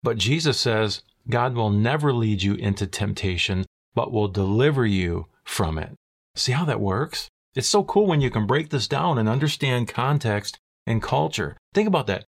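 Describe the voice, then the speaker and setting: A man delivers a teaching sermon in a relaxed, conversational way. He often stops to ask his listeners questions and keep them with him. His voice sits at an ordinary middle pitch. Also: normal speed, slightly rough. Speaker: pastor.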